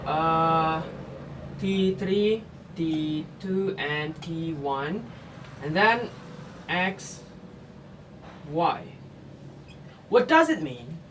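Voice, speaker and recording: Man, slow halting math explainer, distant mic with AC hum. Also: a little high. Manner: slow, halting, step-by-step with fillers and self-corrections. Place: indoor room.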